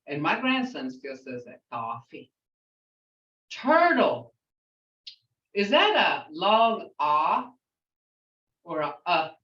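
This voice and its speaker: An older woman teaches a language class at a very slow pace, saying each word twice so her students catch the sounds. She speaks in a plain, outspoken way. She sits back from the mic, and the dull, roomy recording has a muffled, echoing quality. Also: low-pitched, far from the mic. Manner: slowly repeats words to model pronunciation.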